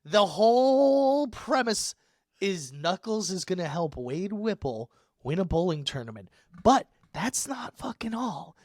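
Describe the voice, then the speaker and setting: A man co-hosting a podcast in casual chat, excitable and sarcastic, swearing and laughing often. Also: high-pitched, a little slow, dry recording, clean studio sound. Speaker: podcast co-host.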